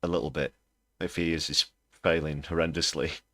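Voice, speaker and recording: Deep-voiced British man hosting a livestream. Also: little pitch movement, moderate pace, a bit bright, dry recording. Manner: blunt, scornful, thinks aloud with fillers. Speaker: host. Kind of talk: political livestream commentary.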